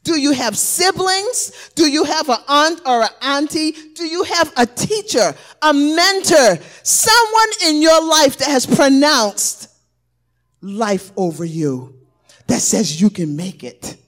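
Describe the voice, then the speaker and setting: Woman preacher, high and very animated, slow delivery, builds to shouted exhortation. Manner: rises to shouted exhortation, call-and-response cadence. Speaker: elder preaching. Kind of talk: sermon.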